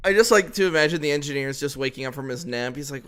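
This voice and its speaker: A man's voice: on the high side, fast, a bit bright, clean tone. A man co-hosting a podcast, joking and laughing often in casual chat about a film. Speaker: podcast co-host. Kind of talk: casual movie-review chat.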